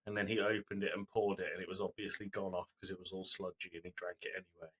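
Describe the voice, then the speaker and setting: Husky man rambling through a recap. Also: low voice, flat delivery, fast talker, fairly bright tone. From Britain. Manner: rambling storytelling recap with fillers. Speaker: podcast co-host. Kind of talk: casual chat.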